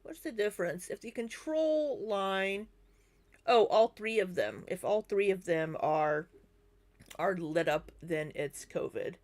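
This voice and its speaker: A woman's voice: mid-range voice, lively intonation, slow pace, a little mellow. A woman hosting a live commentary stream, reacting to video clips and answering viewers' comments in a chatty way.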